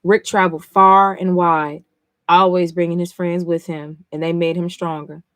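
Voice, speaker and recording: A woman's voice: fairly low pitch, flat delivery, moderate pace, fairly bright tone, no room sound, studio quality. A woman streaming live as she reads comics aloud and reacts, emotional and blunt, swearing freely between passages.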